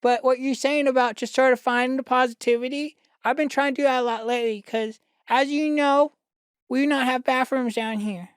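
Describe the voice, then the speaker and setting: A naive, earnest freshman boy trapped at the bottom of a well, as a woman improvises him. The voice sits high, smooth and clear, with halting, pleading phrasing. The recording is close and dry. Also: fairly even intonation, dry recording, close to an everyday voice. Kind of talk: improvised comedy sketch.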